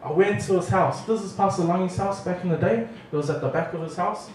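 A man's voice: high voice, fast talker, slight background noise. A man preaching a humorous, audience-engaging story sermon in a church hall. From New Zealand. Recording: echoey hall from far off.

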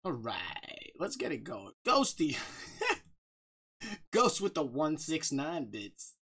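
A man streaming a game live, chatting casually, reading out viewer shout-outs, joking and laughing often. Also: on the high side, very slow, breathy edge. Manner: bursts of loud excited talk.

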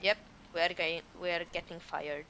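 Playing a garbage collector in a role-play game stream, this man chats casually and playfully, trying on accents in slightly broken English. His fairly high voice is flat, fairly quick, pushed and bright, over slight background noise.

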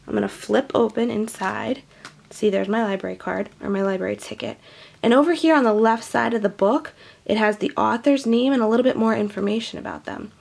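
A woman reading a picture book aloud to children in a gentle, chatty, teacherly way. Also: medium pitch, gravelly. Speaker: children's storyteller.

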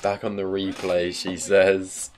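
A man's voice: low voice, completely flat delivery, slow. A man streaming a video game, chatting casually with swearing and teasing banter. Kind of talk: casual gaming stream chat. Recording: loud keyboard clicking behind.

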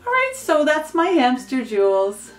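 Casual pet vlogger, woman, higher voice, echoey home room with faint music under it. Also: huge pitch swings, a little slow. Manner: chatty, rambling, coos baby talk at her pets. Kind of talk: casual show-and-tell. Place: home with pets.

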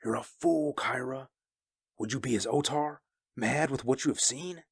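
A man's voice: mid-range voice, moderate pace, creaky, husky, no room sound, clean studio sound, pitched above the performer's own voice. Man doing a grim, somber mercenary. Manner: grave and somber. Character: grim, weary wandering mercenary, adult man.

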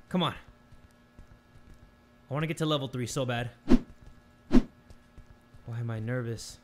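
A young man, playing a horror game on his channel, swearing, muttering low and then screaming in fright or joy. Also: lively intonation, slow, pauses often, background noise. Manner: jumpy, swears a lot, swings from muttering to screaming. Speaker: gaming YouTuber. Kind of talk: horror game let's play commentary.

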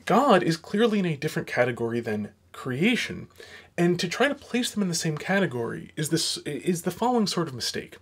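A man laying out a measured, lecturing argument in a clip from a video. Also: a little high, very animated, husky. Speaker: apologist in a clipped video. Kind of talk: explanatory argument.

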